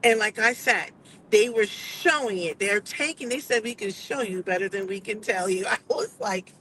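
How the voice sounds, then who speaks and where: Woman from the US, casual vlog commentary, chatty and digressive, faint vehicle rumble behind. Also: moderate pace, a bit bright, poor audio. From United States. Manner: chatty, digressive, acts out quoted voices. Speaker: vlogger.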